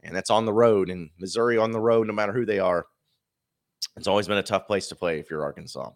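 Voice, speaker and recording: A man's voice: fairly low pitch, fast. A man hosting a solo sports podcast, giving casual, opinionated commentary with wry asides.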